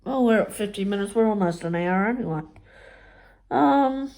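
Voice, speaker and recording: A middle-aged woman chatting casually about her crafts, telling stories and acting out what others said in higher voices, laughing often. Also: lively intonation, moderate pace, mellow. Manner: chatty storytelling, acts out quotes in high voices, laughs often. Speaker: crafting vlogger. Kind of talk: casual chat while crafting.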